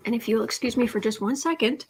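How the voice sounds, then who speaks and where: A woman's voice: on the high side, fast, very noisy. Chatty woman live-streaming tarot. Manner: chatty, laughs often, coos baby talk to her cat. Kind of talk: casual live-stream chat.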